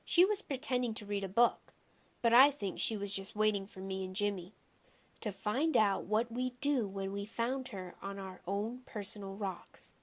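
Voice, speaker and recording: A woman reading a children's novel aloud in a plain, steady storytelling manner. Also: medium pitch, moderate pace. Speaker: audiobook reader.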